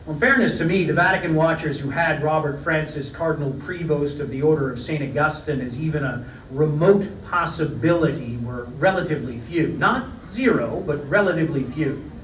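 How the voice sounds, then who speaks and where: A man's voice: fairly high pitch, a bit bright, a little hiss or hum. Wry man lecturing in a roomy hall. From United States. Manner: measured, wry, storytelling delivery. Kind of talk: reading a prepared lecture. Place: parish hall. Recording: roomy hall, mic at a distance.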